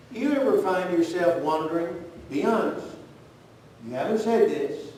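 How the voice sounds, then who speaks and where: A male preacher with a somewhat high voice tells a story and questions his listeners earnestly. The sound is heavily echoey, picked up from a distance in a church sanctuary, with a faint rumble underneath. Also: lively intonation, measured pace, darkish tone. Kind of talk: sermon.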